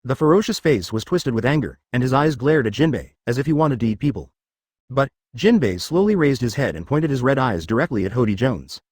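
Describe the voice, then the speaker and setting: A man reading a web novel aloud as a scripted story narration, in an even storytelling manner. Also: mid-range voice, brisk, no room sound, studio quality.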